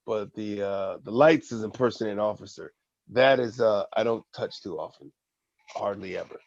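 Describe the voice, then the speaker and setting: A man's voice: on the low side, moderate pace, gravelly, dry recording, dull audio. A man co-hosting a casual podcast, telling a long funny story, swearing often and laughing. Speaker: podcast co-host.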